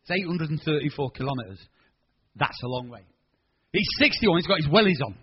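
A man in his sixties preaching a sermon, telling stories in an animated, colloquial way. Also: fairly high pitch, fairly quick, breathy edge, muffled recording. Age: 60s. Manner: animated, colloquial storytelling with quoted voices. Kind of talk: storytelling sermon.

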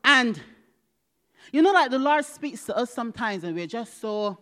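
A woman preaching a personal testimony, dramatic, moving from loud exclamations to hushed whispers and acting out dialogue. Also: a little high, lively intonation, moderate pace. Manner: acts out quoted dialogue with God.

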